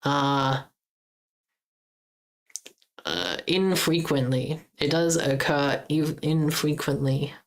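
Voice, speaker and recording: A woman's voice: low-pitched, extremely slow, pauses often, rough recording. A young Australian woman with an Australian accent, chatting casually on a livestream while she codes, thinking aloud and correcting herself. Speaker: game jam streamer.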